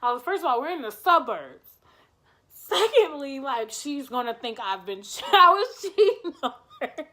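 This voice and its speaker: A woman vlogger telling a storytime tale in an animated, chatty, profane way. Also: sits high, unhurried. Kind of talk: storytime vlog.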